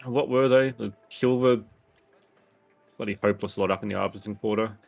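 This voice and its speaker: A man's voice: fairly low pitch, fairly even intonation, a little fast, gravelly, darkish tone, dull audio. A man playing a tabletop game, laid-back and a little hesitant. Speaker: player.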